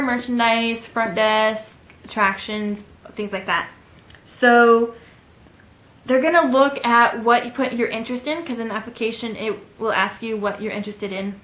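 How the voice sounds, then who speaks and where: A woman's voice: a little high, fairly bright tone. Chatty young woman vlogging advice. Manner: chatty, rambling, with frequent ums. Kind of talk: casual advice vlog. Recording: echoey room.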